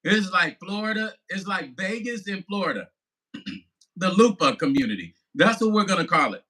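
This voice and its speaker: A man's voice: high-pitched, expressive, normal speed, sharp tone, husky, low-quality recording. A man in his fifties, a musician vlogger, chatting casually on a livestream, laughing and swearing loosely as he talks to viewers. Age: 50s.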